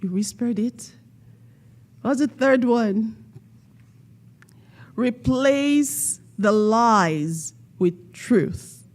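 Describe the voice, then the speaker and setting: A woman giving a motivational talk at a community event, quizzing the audience and leading them in call-and-response with slow, emphatic stress on key words. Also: a little high, a little mellow. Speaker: panel speaker.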